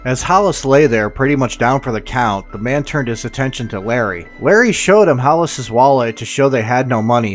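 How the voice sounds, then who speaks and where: A man's voice: mid-range voice, lively intonation, moderate pace, hardly any pauses, faint music behind. Irreverent man narrating true crime. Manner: irreverent, profane, sarcastic asides. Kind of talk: scripted narration with casual asides.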